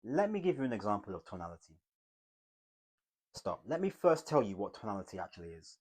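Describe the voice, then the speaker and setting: A slightly low-pitched man coaching viewers on how to speak. He talks emphatically, jumping from punchy loud lines to quiet, hushed ones. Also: big pitch swings, a little fast. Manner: emphatic, swings between loud and hushed delivery. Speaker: communication coach. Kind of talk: motivational teaching to camera.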